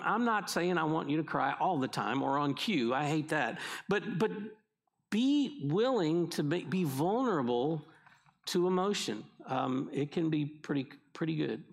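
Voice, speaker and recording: A middle-aged man is preaching a sermon, and his voice sits a little higher than most men's. He talks to the congregation in a conversational way, often doubling back and restarting his sentences. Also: gravelly. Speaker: pastor.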